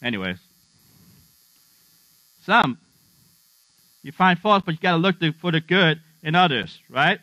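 A man's voice: fairly high pitch, big pitch swings, a little slow, pauses often, pushed and bright, no echo. A middle-aged man preaching a sermon as pastor, humorous and conversational, often asking the congregation questions. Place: church. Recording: dull, slightly lo-fi dry sound with mains hum.

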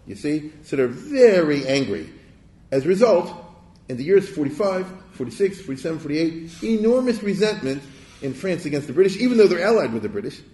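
A man's voice: a little high, big pitch swings, a little fast, mellow. Man lecturing, conversational, rhetorical check-ins, restarts, echoey room. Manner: digressive, with restarts.

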